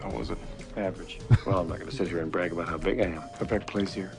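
A man's voice: sits low, steady tone, quick pace, music in the background. An actor playing a witty, hard-drinking older male ad executive, delivering dry sardonic one-liners. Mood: wry.

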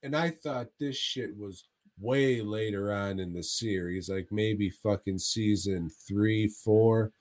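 A man's voice: lowish voice, takes it slowly, a little mellow. A man co-hosting a casual podcast, rambling with heavy swearing and frequent laughs. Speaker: podcast co-host.

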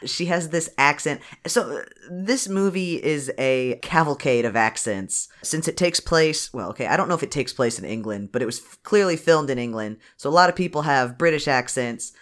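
A lively podcast co-host recapping a movie in loose, profane banter, often slipping into quick character voices. The pitch swings widely and animatedly through every sentence, keeping the telling playful. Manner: lively, joking, swears freely, acts out characters' lines. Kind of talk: casual movie recap chat.

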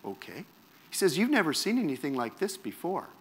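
A man's voice: on the high side, a little fast, slight background noise. A man from Canada, preaching a personal testimony in a wry, self-mocking storytelling manner. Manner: animated, wry, self-mocking storyteller who acts out quotes.

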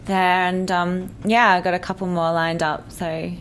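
A young woman with a slightly low voice speaks in an easygoing, relaxed way as a guest. Her comes through plainly. A faint rumble sits under her voice. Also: unhurried. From Australia. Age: young adult. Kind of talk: casual interview chat.

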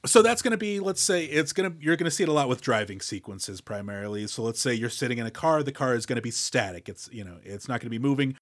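A man's voice: medium pitch, expressive, fast talker, hardly any pauses, no room sound, clean studio sound. A man co-hosting a casual movie podcast, explaining film techniques in a loose, filler-heavy way. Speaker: podcast co-host.

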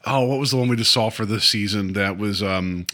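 A man's voice: lowish voice, a little fast, sharp tone. A man co-hosting a podcast, chatting casually about a TV episode, laughing often and using many fillers. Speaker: podcast co-host. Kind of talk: casual chat recapping a TV episode.

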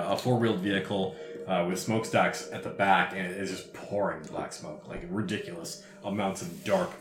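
A man narrating a tabletop game as game master, telling the scene in a lively, descriptive way. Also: deep voice, roomy sound, background noise. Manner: animated, descriptive storytelling.

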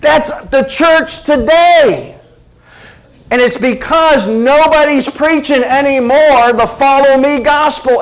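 A middle-aged male preacher delivering a sermon, swinging between hushed asides and emphatic rhetorical questions. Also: extremely high pitch.

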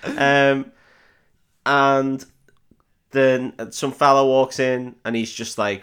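A man chats his way through a film recap, swearing freely and jumping into mocking voices for the characters. His pitch sits in an ordinary middle range for a man, and the talk stays loose and jokey. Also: level tone, unhurried, fairly bright tone, clear, resonant tone. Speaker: podcast host. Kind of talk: casual chat recapping a film.

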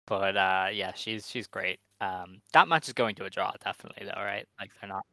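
A man co-hosting a podcast in casual chat, thinking aloud and hedging with frequent fillers. His voice sits a little low and sounds smooth and clear, recorded close and dry. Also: brisk, sharp tone, dry recording. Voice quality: hesitant, hedging, many fillers. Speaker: podcast co-host.

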